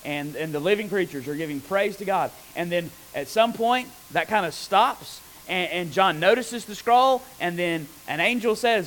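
A man preaching a conversational sermon on scripture, animated and often asking his listeners rhetorical questions. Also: high voice, moderate pace, few pauses, slight background noise, rough recording.

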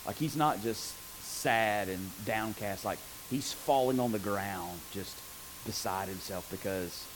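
A man preaching a conversational sermon on scripture, animated and often asking his listeners rhetorical questions. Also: on the low side, slow, background noise.

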